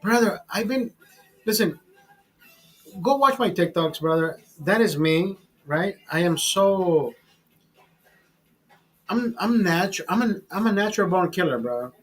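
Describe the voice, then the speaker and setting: Tipsy male livestream host, husky, foul-mouthed and cocky. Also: high-pitched, expressive, a little slow, long pauses, a bit bright, poor audio. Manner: crude, boastful, swearing constantly. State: tipsy from drinking. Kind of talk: casual profane rant.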